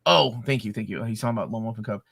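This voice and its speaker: Bright-voiced joking man. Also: lowish voice, racing, gravelly. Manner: joking, chatty, laughs often. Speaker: co-host. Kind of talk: live Q&A chat.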